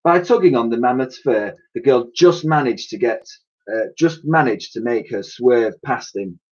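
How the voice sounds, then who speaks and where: A male teacher reading a children's storybook aloud in a lively, expressive way. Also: mid-range voice, normal speed, lo-fi sound.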